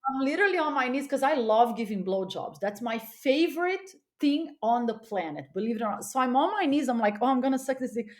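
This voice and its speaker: Animated woman telling a candid story. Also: high voice, fairly quick, hardly any pauses. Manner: animated, laughs often, repeats words for emphasis. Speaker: podcast guest.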